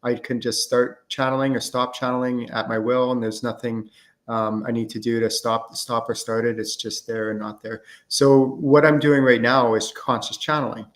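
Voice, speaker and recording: A man's voice: medium pitch, flat delivery, moderate pace. A middle-aged man hosting a live-streamed question-and-answer show, talking casually with lots of fillers as he explains and acts out conversations. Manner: casual and chatty, many fillers, acts out student exchanges. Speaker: host and channeling teacher.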